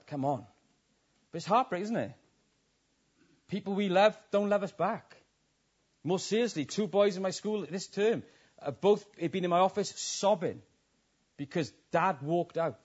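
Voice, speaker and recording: A man's voice: darkish tone, dull audio. A man preaching a passionate sermon, his voice swelling and dropping. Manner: impassioned, rising and falling in pitch and volume.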